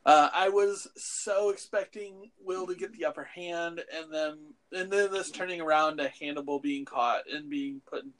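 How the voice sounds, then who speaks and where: A man's voice: fairly high pitch, normal speed, hardly any pauses, fairly bright tone. A man co-hosting a casual podcast chat about films and TV, rambling and profane with lots of fillers. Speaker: podcast co-host.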